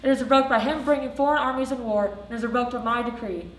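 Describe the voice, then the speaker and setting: An imperious, impatient king barks decrees, played by a teenage girl on a school stage. The voice sits high and is heard from across an echoey theatre hall. A faint hiss lies under the stage recording. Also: fast talker, recorded from a distance, lightly acted. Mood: proclaiming. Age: teens. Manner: commanding, proclaiming, impatient. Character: stern, imperious male king. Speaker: student actor.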